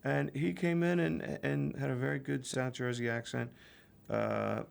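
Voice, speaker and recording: Gravelly man, slow halting answers. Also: mid-range voice. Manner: slow, halting, drawn-out answers full of uhs. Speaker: guest actor. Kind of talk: casual radio interview.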